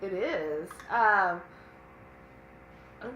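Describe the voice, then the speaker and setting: A woman's voice: mid-range voice, extremely slow, a bit bright, reverberant, highs cut off, slight background noise. A woman co-hosting a casual cooking live stream, chatting and reading viewer comments aloud. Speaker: cooking channel co-host.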